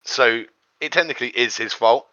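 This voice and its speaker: Podcast host dude rambling on, bright voice, kinda lo-fi dry sound. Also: male voice, medium pitch, moderate pace, dry recording. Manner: rambling, acts out quotes in a raised voice. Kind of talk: casual chat.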